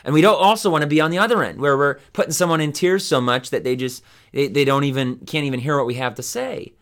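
A man's voice: on the high side, fast talker, fairly bright tone. Man rambling through a Bible study. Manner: rambling, many fillers and restarts. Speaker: podcast Bible study host. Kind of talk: conversational Bible teaching.

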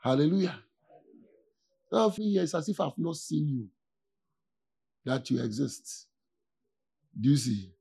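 A man's voice: fairly high pitch, very animated, vocal fry, warm tone, slightly rough. A man, a pastor, giving a conversational sermon in an informal way, often stopping to ask his listeners whether they follow. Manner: informal, asks "do you see?" often, with laughs and pauses.

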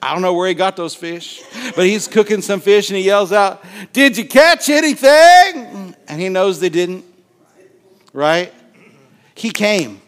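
Animated high-voiced preacher man. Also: unhurried. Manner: animated, acts out Bible scenes with voices and laughter. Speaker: pastor. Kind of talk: sermon.

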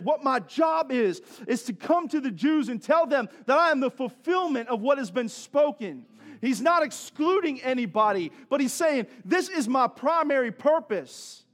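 A male pastor giving a sermon in a conversational way, with joking asides and questions to the congregation. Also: very high-pitched.

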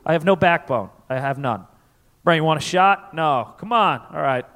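Stand-up comic from Connecticut, lively swinging delivery, slightly high voice, reverb of a live hall. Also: male voice, normal speed. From Connecticut, USA. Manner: animated, profane, self-deprecating. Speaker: stand-up comedian. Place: comedy festival stage before an audience.

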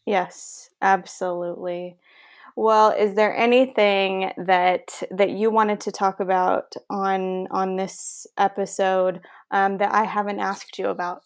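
Woman, podcast host, gravelly voice, flat low pitch, storytelling. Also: takes it slowly. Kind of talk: podcast interview.

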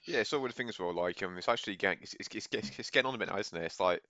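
A man's voice: lowish voice, rapid-fire, pushed and bright, no echo. A young man hosting a casual chat show, hesitant with many fillers and restarts. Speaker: podcast host. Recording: lo-fi muffled audio.

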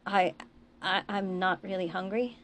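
A woman's voice: mid-range voice, normal speed, vocal fry, a little hiss or hum, lightly acted. A woman voicing a nervous young man who hesitates and stammers in a subdued way. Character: troubled, nervous young male doctor.

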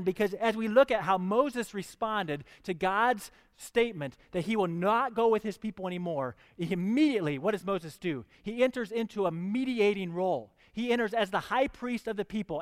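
A man with a high-sitting voice reads scripture aloud, then preaches with rising fervor, pressing his listeners with questions. The sermon sounds like it was recorded in a big room.

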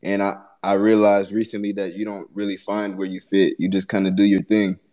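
A man, a guest musician, talking casually about his music in a reflective, halting way. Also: lowish voice, monotone, darkish tone. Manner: reflective, halting, searching for words. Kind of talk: casual conversation.

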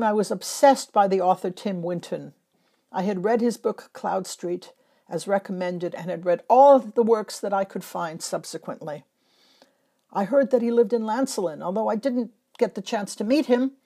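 A woman from Northern Europe, a travel photographer, narrating her travel memories in a measured, reflective way. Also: medium pitch, mellow. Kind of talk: scripted first-person travel narration.

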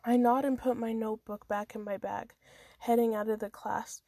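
A woman's voice: on the high side, fairly even intonation, normal speed, mellow, dry recording. A woman reading her own first-person story aloud in a casual amateur manner, with small stumbles and restarts.

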